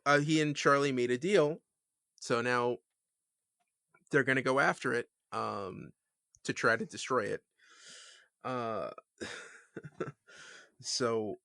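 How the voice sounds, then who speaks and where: A man chatting easily about TV episodes, his mid-pitched voice bright and forward. He stops and restarts a lot, padding his lines with plenty of "uh" and "um." He is recorded close and dry. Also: no echo. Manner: halting, many fillers and restarts, laid-back. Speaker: podcast co-host. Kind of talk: casual TV recap chat.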